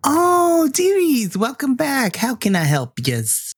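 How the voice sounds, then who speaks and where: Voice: high-pitched, huge pitch swings, takes it slowly, breathy edge, voice pushed up, full character voice. A game master voicing a sweet elderly woman receptionist at a morgue who dotes on visitors and calls everyone sweetie. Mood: sweet doting.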